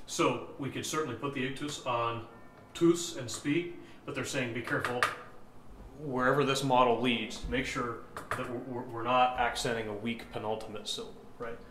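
A man's voice: mid-range voice, steady tone, moderate pace, noisy background. A man teaching chant rhythm, explaining step by step, counting beats aloud and often checking in with "right?". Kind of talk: instructional explanation with sung examples. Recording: echoey room with faint ambience.

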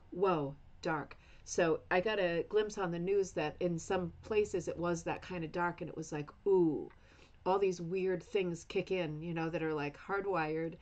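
A woman's voice: fairly low pitch, darkish tone, poor audio. A middle-aged woman hosting a craft club livestream, chatting casually with viewers in a rambling way full of asides and restarts.

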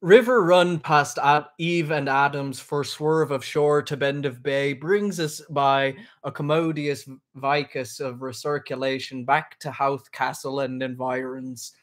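A man hamming up a put-on Irish accent in a playful, self-mocking way. His voice sits at a middle pitch, and he reads text aloud slowly and deliberately. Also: steady tone. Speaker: co-host reading a book aloud. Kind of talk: jokey casual chat and slow read-aloud.

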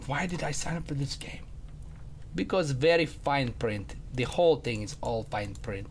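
A man from Mississippi commentating on his gameplay, excitable, yelling and muttering at the game. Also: mid-range voice, moderate pace, slight background noise. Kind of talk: let's play commentary.

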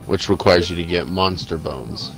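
Low gravelly male gamer, rambling, loud game music behind. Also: moderate pace. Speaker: gaming channel host. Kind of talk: casual gameplay chat.

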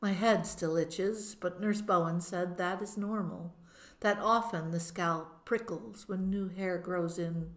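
A woman narrates a first-person novel as an audiobook. Her reading is slow and measured, with an expressive touch. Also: lowish voice.

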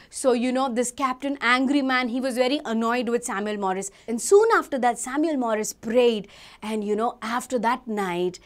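A young adult woman with an Indian English accent telling a Bible story to children, animated and asking them questions. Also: fairly high pitch. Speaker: Sunday school teacher.

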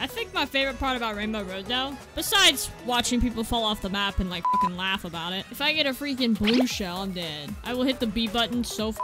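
A young woman giving excited gameplay commentary. She yelps, swears and laughs at herself as she plays. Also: fairly high pitch, fairly quick, few pauses, over loud music. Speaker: gaming video creator.

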